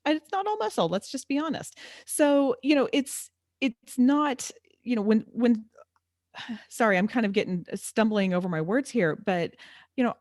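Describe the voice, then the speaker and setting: A woman's voice: a little high, expressive, moderate pace, a little mellow, no echo, studio quality. A woman, a fitness instructor talking candidly as a podcast guest, laughing often and stumbling over her words. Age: 40s. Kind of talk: casual podcast interview.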